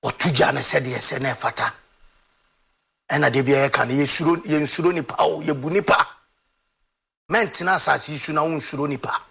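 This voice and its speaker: A man's voice: fairly high pitch, fairly even intonation, a little fast, vocal fry, long pauses, sharp tone, husky. A man hosting a football talk show, ranting with passion and sometimes half-singing his lines. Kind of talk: impassioned commentary.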